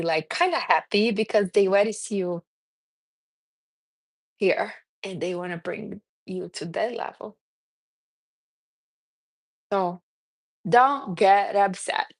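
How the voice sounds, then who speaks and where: A woman's voice: medium pitch, measured pace, long pauses. A woman speaking English as a second language, with a non-native accent, giving a casual motivational talk and calling her listeners honey. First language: not English. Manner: animated, calls listeners honey. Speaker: self-help speaker.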